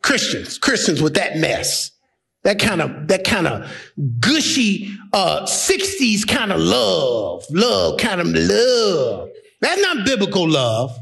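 A man preaching a fiery sermon as pastor, impassioned and at times shouting. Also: high voice, huge pitch swings, slow pace, creaky. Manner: impassioned, rising to shouts, mocking voices of critics.

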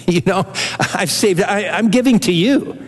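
A man's voice: high voice, measured pace, slightly rough. An older man, a pastor, preaching a sermon in an earnest, conversational way, repeating phrases for emphasis. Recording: long reverb of a large hall.

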